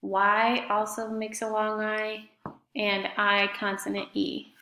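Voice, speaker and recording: A woman's voice: mid-range voice, little pitch movement, slow, bright, forceful tone. A woman teaching a fifth grade class in a recorded remote lesson, speaking patiently and spelling out words letter by letter. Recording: echoey room.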